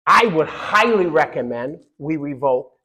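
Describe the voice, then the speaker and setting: A middle-aged man giving a fiery political speech, loud and punchy with repeated lines and quiet asides. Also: fairly high pitch, lively intonation, unhurried, a little hiss or hum, rough recording.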